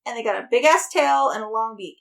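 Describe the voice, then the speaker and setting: A woman co-hosting a podcast, telling a story in casual, animated chat and swearing freely. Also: a little high, creaky. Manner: animated, swearing, quick banter. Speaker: podcast co-host.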